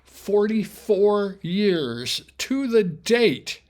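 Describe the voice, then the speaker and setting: A man's voice: sits high, big pitch swings, very slow, a little mellow. An older man hosting a show, casually telling his own business history in a chatty, wry way, full of asides and self-corrections. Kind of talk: casual spoken memoir storytelling.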